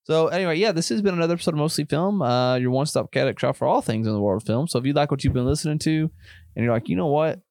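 A man's voice: on the high side, racing, darkish tone, dry recording, clean studio sound. A man with a country Southern US accent co-hosting a film podcast in easy, rambling casual chat. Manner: laid-back, rambling, says bro and man. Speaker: podcast co-host.

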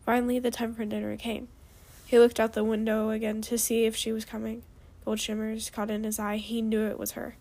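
Woman reading a story, halting delivery. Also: a little high, completely flat delivery, vocal fry, mellow. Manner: halting, with small restarts. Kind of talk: reading a fan story aloud.

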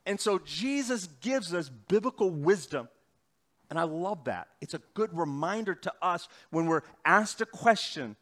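A middle-aged male pastor preaching a sermon, swinging between loud emphatic bursts and quiet, slow passages. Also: high voice, expressive.

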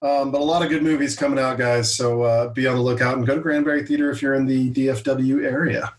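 A man's voice: mid-range voice, steady tone, fast talker, recorded from a distance. Male podcast co-host, thirties, rambling casual chat, set back from the mic in a roomy space. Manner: rambling, chatty, hesitant with fillers. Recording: echoey room, a bit off-mic.

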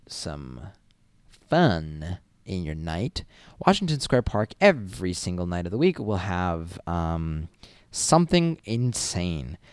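A man's voice: sits low, no room sound, studio quality. A young man from Massachusetts, a college student telling casual stories in a rambling, chatty way. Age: young adult. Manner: rambling, chatty, many fillers and restarts. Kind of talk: casual storytelling vlog.

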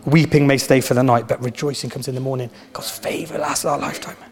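A man preaching a sermon as pastor, with animated storytelling and emphatic repetition. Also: medium pitch, quick pace, vocal fry.

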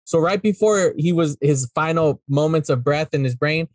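A man with a high-pitched voice chats loosely about a film, swearing often and slipping into quoted lines from the characters. The sound is dry and close, with no room around it. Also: moderate pace, darkish tone, no echo. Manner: rambling, profane, acts out characters' lines in quotes. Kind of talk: casual movie discussion.

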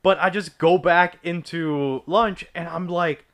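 A man's voice: a little high, steady tone, a little slow, fairly bright tone. A young man in casual chat, telling a rambling, profane story from his school days.

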